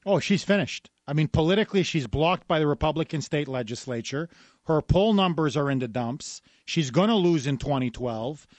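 A man's voice: a little high, animated, moderate pace, darkish tone, no room sound. A man hosting a talk radio show, delivering an emphatic, combative monologue with lots of repetition. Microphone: studio microphone.

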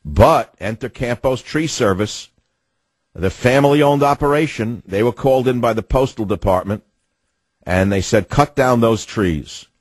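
A man's voice: mid-range voice, moderate pace, slightly rough, dry recording. A man hosting a talk radio show, delivering an indignant, ranting monologue with sardonic asides.

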